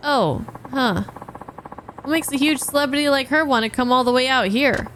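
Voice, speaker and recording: A curious, dry-witted male tour guide, voiced by a woman dropping her pitch. He sounds easygoing and a little sardonic, read aloud from a game script. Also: moderate pace, fairly bright tone, a little hiss or hum. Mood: wry. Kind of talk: reading game dialogue aloud.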